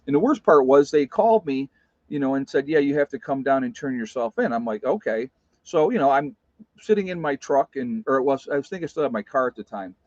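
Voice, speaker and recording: A man's voice: mid-range voice, lively intonation, fairly quick, darkish tone, dry recording. A man in his fifties telling a personal story in a rambling, casual way, full of "you know" and restarts. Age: 50s. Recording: dry, slightly dull sound.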